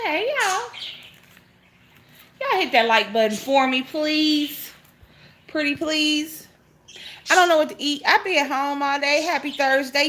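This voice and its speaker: A middle-aged woman, chatting casually on a phone livestream from home and greeting each viewer with a high "hey". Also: fairly bright tone, slight background noise. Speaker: vlogger hosting a phone livestream. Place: at home, indoors. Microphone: phone held at arm's length. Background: pet birds chirping.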